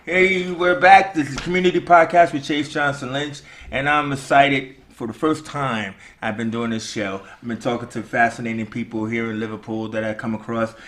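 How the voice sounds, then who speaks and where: American man, podcast host, studio chat, bright forceful voice, joking around. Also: medium pitch, fairly even intonation, moderate pace, few pauses. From United States. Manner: jokey, laughs often. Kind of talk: casual interview chat.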